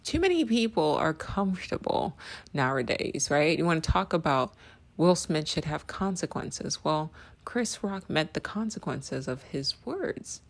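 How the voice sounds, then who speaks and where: A woman's voice: low voice, sing-song, unhurried. A woman giving a blunt, profane opinion monologue, often tossing in a rhetorical "right?". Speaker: commentator. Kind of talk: direct-to-camera opinion monologue. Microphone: video call.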